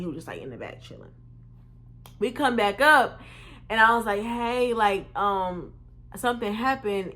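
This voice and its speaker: A young woman vlogger telling a storytime casually, swearing freely and acting out other people's lines in a raised voice. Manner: animated, swearing, acts out quotes in raised pitch.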